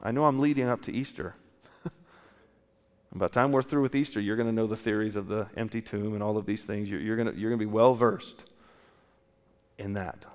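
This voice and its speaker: A man's voice: lowish voice, fairly even intonation, a little fast, pauses often, big-room sound. A man preaching a sermon as a pastor, asking his listeners one question after another and often restarting his sentences. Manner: asks many rhetorical questions, with restarts. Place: church.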